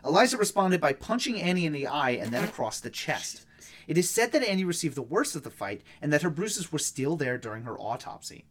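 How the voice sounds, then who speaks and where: A man co-hosting a casual true-crime podcast, reading case notes aloud with quick asides. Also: a little high, sing-song. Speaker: podcast co-host.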